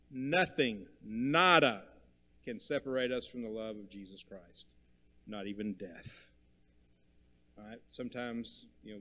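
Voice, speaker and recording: A man preaches a sermon to a congregation, stressing and repeating key words as he swings from loud emphasis to quiet, low lines.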